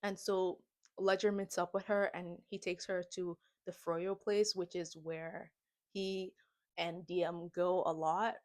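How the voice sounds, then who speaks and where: A woman's voice: on the low side, little pitch movement, measured pace. A young adult woman vlogging a casual movie recap and reaction, slangy and dramatic, with comic asides.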